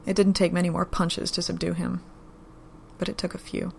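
Gravelly low-voiced woman narrating a story. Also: level tone, normal speed, a little mellow, slight background noise. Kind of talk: audiobook-style story reading.

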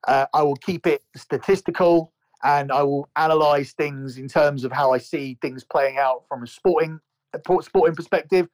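A man's voice: a little high, steady tone, moderate pace, a little mellow. A man co-hosting a podcast, ranting in a heated, profane way and often repeating words. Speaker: podcast co-host. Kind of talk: heated casual podcast rant.

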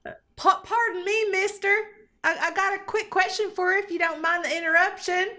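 A woman's voice: high-pitched, animated, normal speed, a bit bright. A woman voicing an awkward young female adventurer in a tabletop game, speaking with a Southern US accent and stammering politely. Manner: hesitant, stammering, overly polite.

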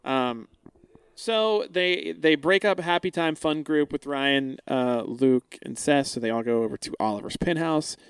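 A man's voice: fairly high pitch, unhurried, clean tone, no room sound. A man co-hosting a podcast, recapping a TV episode in casual chat, blunt and profane, mimicking the characters as he goes. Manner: profane, blunt, quotes characters in mocking voices. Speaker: podcast co-host.

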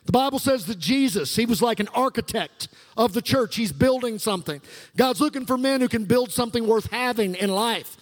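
A man's voice: extremely high pitch, expressive, brisk. A middle-aged male pastor delivering a sermon with fervent call-and-response preaching in a church sanctuary. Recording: long reverb of a large hall.

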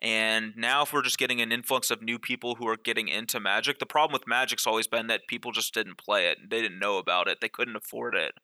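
A man's voice: on the low side, steady tone, fast talker, few pauses, bright, forceful tone. A man on a gaming panel chatting casually, with lots of "like" and repeated words. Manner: loose, repeats words, many likes. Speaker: professional card player, panelist.

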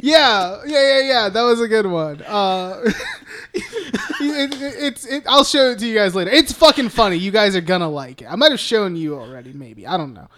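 A man's voice: sits high, expressive, moderate pace, pushed and bright. A man co-hosting a film podcast, casually recapping scenes in a rambling, profane way with many fillers. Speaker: podcast co-host.

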